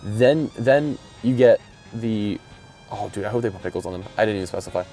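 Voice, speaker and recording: Brief: low-voiced guy, rambling, mumbly, swearing, talking from his car. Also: fairly quick, warm tone, faint music behind. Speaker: podcast host. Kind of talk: casual solo chat while driving.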